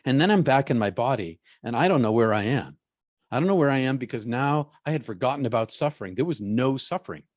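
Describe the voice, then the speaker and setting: A man speaking as an interview guest, slow and emphatic, who stumbles and repeats words as he recounts a personal story. His voice sits at an ordinary middle pitch and is recorded dry and close, with no room sound around it. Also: animated, no room sound.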